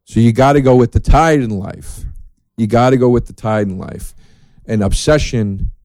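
A man hosting a solo podcast, talking in a profane, sardonic, rambling way with dark jokes. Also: medium pitch, moderate pace, no room sound. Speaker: podcast host.

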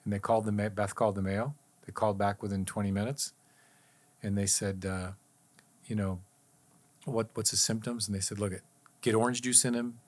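Earnest low-voiced man telling a testimony. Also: flat delivery, moderate pace, long pauses. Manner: earnest storyteller, reenacts his own pleas. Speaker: guest sharing testimony. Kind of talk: faith testimony in casual conversation.

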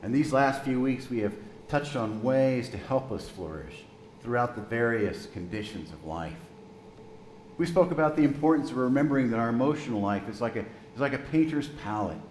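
A man in his sixties, a pastor preaching a sermon, telling a story gently and slowing down for emphasis. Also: mid-range voice, lively intonation, roomy sound, slight background noise, rough recording.

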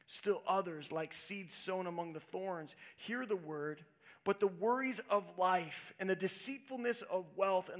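A male pastor preaching a sermon, telling a self-deprecating story with animated, humorous delivery. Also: a little high, measured pace.

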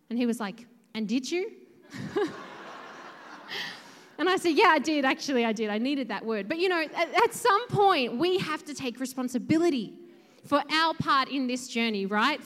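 A woman's voice: sits high, a bit bright. A young woman giving a chatty sermon, telling a personal story with many fillers. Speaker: preacher. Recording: long hall reverb.

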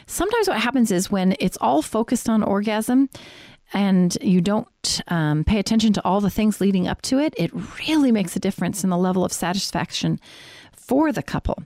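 A woman's voice: mid-range voice, lively intonation, moderate pace, a little mellow, dry recording, clean studio sound. A middle-aged woman sex therapist, frankly and explicitly explaining a faith-based teaching on sexuality.

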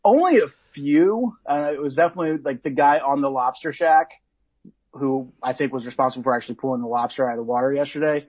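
A man's voice: mid-range voice, fast talker, darkish tone, no room sound, dull audio. A man from Illinois, a podcast guest in casual chat, talking in a hesitant, laid-back way with many ums and uhs.

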